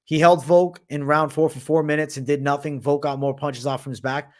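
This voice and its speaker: A man's voice: fairly high pitch, flat delivery, fairly quick. A young man hosting a casual livestream, reading viewers' questions aloud and answering with blunt, slangy opinions. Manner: slangy, says bro and man often.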